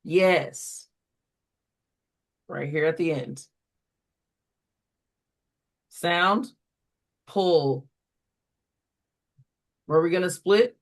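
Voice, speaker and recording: A reading instructor talks tutors through a phonics exercise at an unhurried pace, pausing over each syllable. The delivery is deliberate and instructional, with the voice pitched in an ordinary middle range. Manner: deliberate, sounds words out syllable by syllable.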